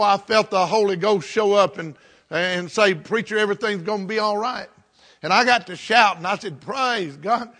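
Older male preacher, high bright voice, plainspoken folksy storyteller. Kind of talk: storytelling sermon.

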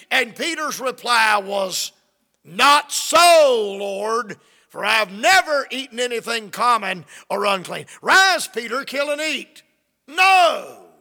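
Man, preacher, fervent sermon, acts out quotes, high voice, reverberant hall. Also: pushed and bright.

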